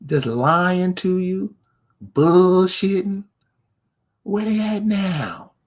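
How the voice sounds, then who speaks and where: Speaking very slowly in a high voice, this online commentator rants at the camera. He challenges the viewer head-on, firing off one rhetorical question after another.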